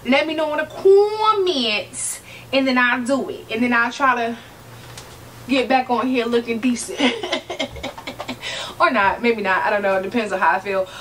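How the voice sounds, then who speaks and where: Woman vlogger, 30s; chatty, sassy, quick to laugh; slightly distant mic. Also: a little high, fairly bright tone, a little hiss or hum. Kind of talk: casual chat to camera.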